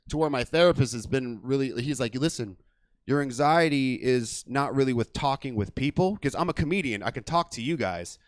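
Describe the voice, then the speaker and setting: A man's voice: medium pitch, dry recording. A man hosting a stand-up comedy night with a loose, crude and rambling delivery on a small theater stage. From California. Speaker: comedy show host.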